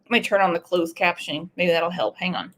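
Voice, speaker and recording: A woman's voice: on the low side, a little fast. A woman hosting a true crime commentary show, opinionated and full of rhetorical questions. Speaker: host.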